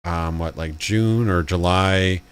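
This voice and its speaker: A man's voice: deep voice, slow pace, smooth. A man hosting a casual live commentary stream, rambling with fillers and restarts. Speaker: channel host.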